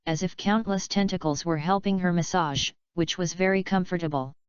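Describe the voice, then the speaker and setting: A woman narrating a novel audiobook in an even, unhurried reading voice. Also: fairly low pitch, clear, resonant tone, dry recording. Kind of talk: scripted narration. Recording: dull lo-fi dry recording.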